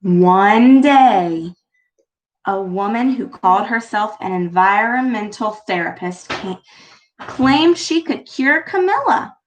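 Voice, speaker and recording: A woman reading a picture book aloud to her child, gently pausing to ask questions about the pictures. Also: mid-range voice, animated.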